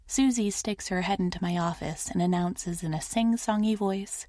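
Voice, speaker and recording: A woman narrating a first-person romance audiobook in a soft, measured, intimate manner. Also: fairly low pitch, no room sound, studio quality.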